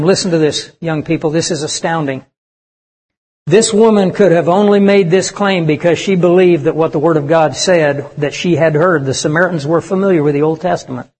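A man preaching with a high, ringing voice that carries through a church hall, where a long echo trails after each phrase. He speaks with passion and acts out the people he quotes, swinging from loud to hushed. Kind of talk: sermon. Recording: reverberant hall.

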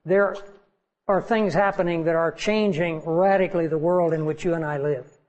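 A man's voice: a little high, steady tone, moderate pace, darkish tone, muffled recording. A man preaching a sermon as pastor, earnest and pleading with his congregation.

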